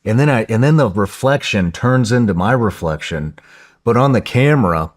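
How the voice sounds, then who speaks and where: A man telling a story in a podcast interview in a casual, profane, excitable way, often restarting his sentences. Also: on the low side, normal speed.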